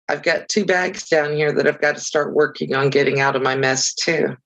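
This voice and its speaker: Chatty woman with a gravelly voice. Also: sits low, fairly even intonation, normal speed, few pauses, fairly bright tone, rough recording. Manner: chatty, chirpy, self-deprecating asides. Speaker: crafting livestream host. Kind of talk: casual chat reading viewer comments.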